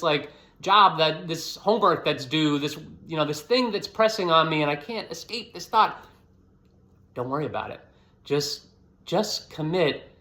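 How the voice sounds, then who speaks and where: A man's voice: medium pitch, a bit bright. A man giving a casual, earnest devotional talk, rambling with many fillers as he encourages listeners. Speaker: Christian video host.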